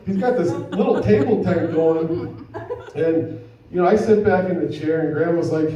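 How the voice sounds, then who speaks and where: A man's voice: high-pitched, expressive, normal speed, mellow, heavy reverb, far from the mic, lo-fi sound. A man doing a stand-up comedy set, telling a rambling story full of fillers and crude punchlines. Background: audience laughter.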